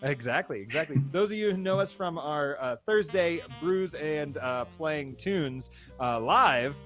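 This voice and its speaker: A man's voice: a little high, expressive, a little slow, over music. A man hosting a podcast from home in casual chat, upbeat and joking, laughing often. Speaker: podcast host. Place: home, indoors.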